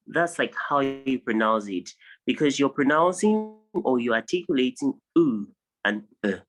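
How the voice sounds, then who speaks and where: A man's voice: mid-range voice, expressive, moderate pace, a bit bright, poor audio. A man with a Nigerian English accent, teaching a pronunciation lesson over a video call and patiently repeating each word so students can drill it. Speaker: English tutor.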